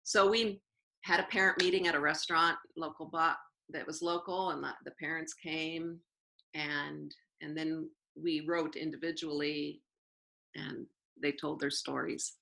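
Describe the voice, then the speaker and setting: In a rough recording, a woman teacher with a deep, creaky, unhurried voice tells stories during an interview. She's a lively narrator who acts out quoted dialogue and keeps circling back to repeat her phrases.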